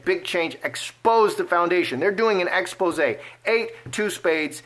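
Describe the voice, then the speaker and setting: A man giving casual fortune-telling commentary as he reads cards, animated and playful, acting out imagined speech. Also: high-pitched. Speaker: card reader.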